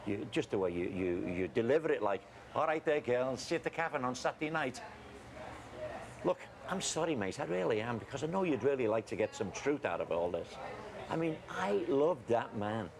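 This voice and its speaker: An actor playing a blustery, defensive middle-aged farmer with a Scouse accent, in found-footage style. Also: male voice, medium pitch, creaky. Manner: blustery, defensive, calls people mate. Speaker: farmer guarding his cousin. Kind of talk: found-footage film acting. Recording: noisy handheld camera audio.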